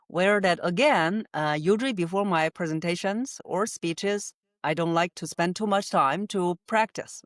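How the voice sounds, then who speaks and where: A woman's voice: on the low side, dry recording, clean studio sound. A woman voice coach answering interview questions, explaining with frequent "uh" fillers and light laughs. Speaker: voice coach guest.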